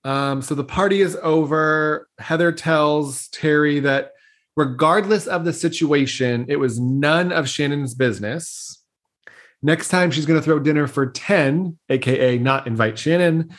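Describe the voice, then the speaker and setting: In a casual podcast chat, this co-host walks through what happened in a TV episode, storytelling with playful, frequent laughter. Her voice is low and her pace measured.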